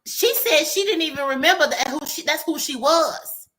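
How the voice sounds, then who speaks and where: Woman, Southern US accent, casual co-host chat, laughing a lot, very lively pitch. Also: moderate pace, slight background noise. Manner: animated, laughing, Southern country talk.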